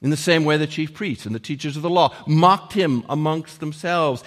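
A man preaching a sermon, earnest, raising his voice for quoted lines and dropping to a hush at the ends of points. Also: a little high, moderate pace, few pauses. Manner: earnest, rising to emphatic quotes and dropping to hushed endings. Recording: long hall reverb.

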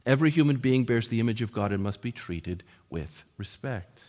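A male preacher delivering a sermon in a church with a long, ringing reverb. He speaks earnestly at a middle pitch, pushing up for emphatic quotes and falling quiet at the close of each point. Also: lively intonation, normal speed. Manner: earnest, rising to emphatic quotes and dropping to hushed endings.

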